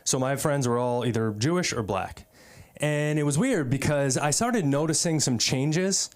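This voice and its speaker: A man's voice: a little high, expressive, normal speed. A man from the US East Coast doing a stand-up set at an open mic, talking in a loose, rambling way full of fillers and asides. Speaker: stand-up comedian. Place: comedy club stage.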